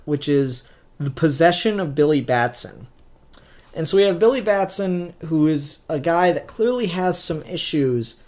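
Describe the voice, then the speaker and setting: A man's voice: fairly high pitch, a little mellow. Ranting, profane young man. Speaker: comic book reviewer. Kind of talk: casual spoken review.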